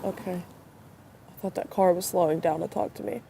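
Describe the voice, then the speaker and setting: A woman's voice: on the low side, steady tone, fairly quick, vocal fry. Stuffy-nosed woman rambling hesitantly. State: stuffy nose from crying. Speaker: vlogger. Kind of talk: casual rambling talk to camera. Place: outdoors by a road at dusk. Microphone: phone. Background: faint traffic.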